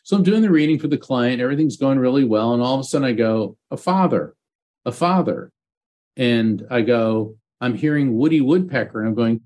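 A middle-aged man, a guest psychic medium, telling animated stories in an interview and acting out quotes. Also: medium pitch, fairly quick. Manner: animated anecdotes with acted quotes. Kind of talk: storytelling interview.

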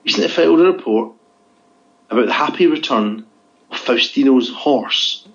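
A man's voice: mid-range voice, animated, moderate pace. A man co-hosting a podcast, reading out odd news stories with dry, teasing asides. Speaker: podcast co-host. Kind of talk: casual chat. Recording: dull lo-fi sound.

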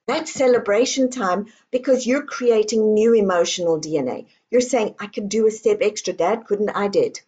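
A woman author guesting on an interview, speaking calmly and deliberately in guiding affirmations. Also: medium pitch, highs cut off. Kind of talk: guiding, coaching talk.

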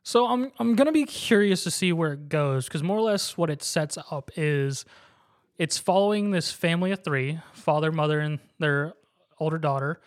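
A man's voice: on the high side, expressive, normal speed. A man co-hosting a casual podcast, recapping a story animatedly and acting out the characters' lines. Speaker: co-host.

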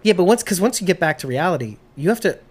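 A woman's voice: fairly low pitch, animated, fast talker, a little mellow, breathy edge. A woman co-hosting a casual podcast, recapping a TV episode with jokey asides and frequent laughs. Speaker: podcast co-host.

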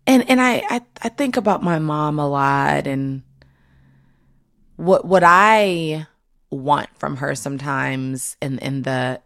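A woman's voice: low voice, dry recording. A woman hosting a heartfelt conversation, talking in an earnest, emotional way with many restarts. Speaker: host. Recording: dry close mic.

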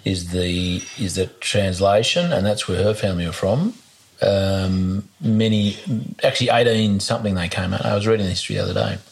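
A man's voice: low voice, brisk. A man, hosting a casual conversation, who talks with enthusiasm, digresses and stumbles over words. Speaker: host.

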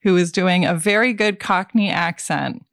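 A woman hosting a casual podcast, recapping a film in a wry, animated way with quoted asides. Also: on the low side, moderate pace, no echo, clean studio sound. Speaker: podcast host summarizing a film.

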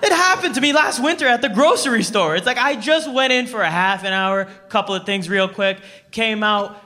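A Canadian man performs stand-up before a live audience, telling stories animatedly and acting out the dialogue. His voice is high-pitched.

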